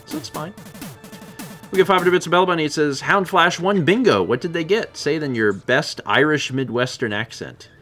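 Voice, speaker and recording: A man's voice: a little high, normal speed, a bit bright, soft background music. A man streaming a video game, chatting casually and rambling with frequent self-corrections. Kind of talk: casual gameplay chat.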